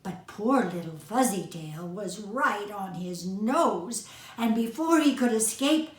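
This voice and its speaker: An older woman reading a children's story aloud in a gentle, expressive way. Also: medium pitch, takes it slowly. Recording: echoey room.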